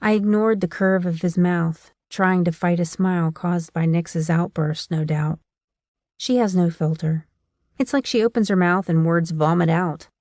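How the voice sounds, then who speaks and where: A woman narrating a first-person paranormal romance audiobook in a wry, steady storytelling manner. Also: on the low side, unhurried, dry recording, studio quality.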